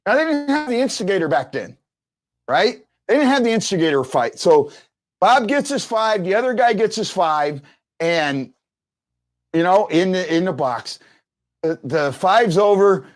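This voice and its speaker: A man's voice: high-pitched, sing-song, unhurried. A man hosting a sports fan show, telling stories in a rambling casual way with many restarts. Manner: rambling storyteller, restarts often.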